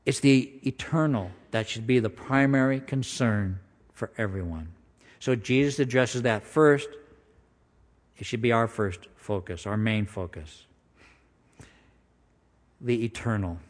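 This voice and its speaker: A man preaching a sermon in a conversational style, slowing down for emphasis and acting out voices. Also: mid-range voice. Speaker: pastor. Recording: long hall reverb.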